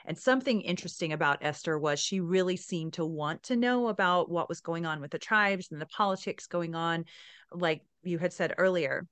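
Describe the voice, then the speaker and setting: A woman interviewing an author, excitedly recapping the story and sharing her reactions. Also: on the low side, normal speed, clear, resonant tone, no room sound. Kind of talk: casual book-discussion interview.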